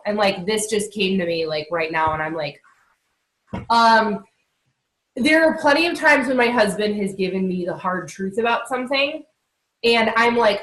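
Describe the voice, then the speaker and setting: A woman's voice: a little high, animated, normal speed, a bit bright. Candid woman in an echoey room. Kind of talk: casual chat.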